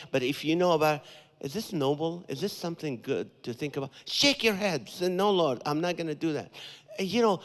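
A comedian giving a guest sermon speaks in a high voice in a large hall. He talks animatedly, acting out people's thoughts and repeating phrases for emphasis, mixing preaching with comic asides.

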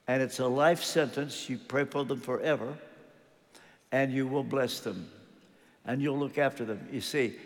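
An older man preaches in a fairly high voice, telling a story and voicing its characters with rising and falling emphasis. His words ring out with a long reverb, as in a large church hall. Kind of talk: sermon.

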